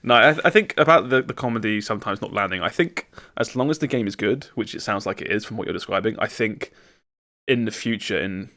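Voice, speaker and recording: A man's voice: lowish voice, a little fast, pushed and bright. A man co-hosting a gaming podcast, talking casually and reasoning his points aloud. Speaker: podcast co-host. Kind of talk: casual chat.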